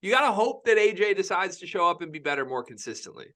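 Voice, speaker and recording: Bright, emphatic sports podcast host. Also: male voice, high-pitched, big pitch swings, fast. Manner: opinionated, emphatic, repeats himself. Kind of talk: casual sports podcast chat.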